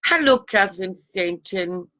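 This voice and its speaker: A middle-aged woman with a Glasgow Scottish accent, her pitch sitting in an ordinary middle range. She talks casually on a live stream, chatty and self-deprecating, greeting viewers one after another. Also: lively intonation, a little slow, sharp tone. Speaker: psychic and live stream host.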